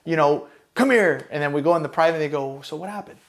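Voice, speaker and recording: A man's voice: fairly high pitch, quick pace. Profane, rambling veteran man. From Los Angeles County, California. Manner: profane, rambling, with many fillers. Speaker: Marine combat veteran guest. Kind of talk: casual storytelling.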